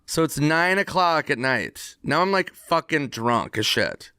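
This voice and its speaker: A man's voice: fairly high pitch, very animated, unhurried, sharp tone, clear, resonant tone, no room sound, studio quality. A man telling a casual, profane anecdote on a podcast. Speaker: podcast guest telling a story. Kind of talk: casual storytelling.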